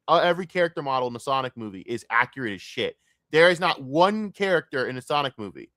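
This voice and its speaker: A man ranting in a casual, profane stream rant, jumping from loud outbursts to low grumbling. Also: no room sound, clean studio sound. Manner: profane, excitable, swings between loud outbursts and mutters.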